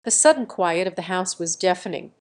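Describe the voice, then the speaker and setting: Woman narrating a story, measured. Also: fairly low pitch, animated. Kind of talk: scripted narration.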